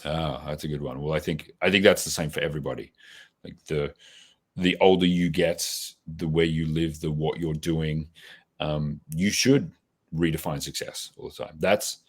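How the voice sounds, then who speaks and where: A man's voice: very deep voice, fairly even intonation, normal speed, slightly rough. A man in his forties with an Australian accent, answering interview questions in a reflective, casual way with many restarts. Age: 40s. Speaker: podcast guest.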